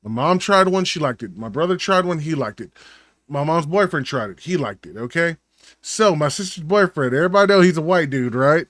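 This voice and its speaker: A man co-hosting a casual comedy podcast, telling animated stories and slipping into voices. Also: on the high side, a little fast, no room sound, studio quality. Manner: animated storyteller, slips into voices. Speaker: podcast co-host.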